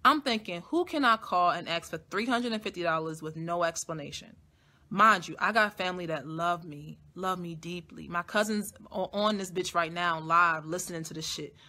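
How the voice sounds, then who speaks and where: A woman hosting a live stream, telling a long personal story in a casual, blunt and heavily profane way, swinging between soft asides and loud emphatic bursts. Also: on the low side, normal speed.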